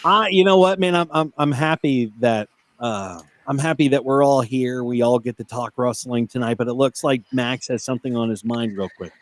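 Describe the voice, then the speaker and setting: A man's voice: medium pitch, normal speed, few pauses, no echo. A man co-hosting a casual wrestling podcast, joking around and calling out hype introductions like a ring announcer. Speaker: podcast co-host.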